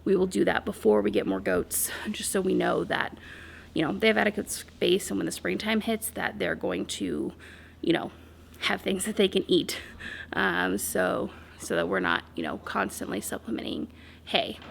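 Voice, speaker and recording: A woman's voice: medium pitch, lively intonation, moderate pace, vocal fry, a little hiss or hum. A young woman vlogging outdoors on her farm, talking casually with lots of fillers. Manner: chatty, rambling with fillers. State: out of breath. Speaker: homesteader vlogger. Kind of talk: casual outdoor vlog narration.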